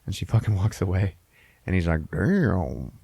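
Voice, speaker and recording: A man with a low voice recaps a film in loose, profane chat and slips into the characters' lines as he goes. The sound is dry and close, with no room around it. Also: steady tone, brisk, mellow, slightly rough, no room sound. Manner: retells scenes with acted-out quotes and frequent swearing. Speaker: podcast host. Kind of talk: casual movie recap.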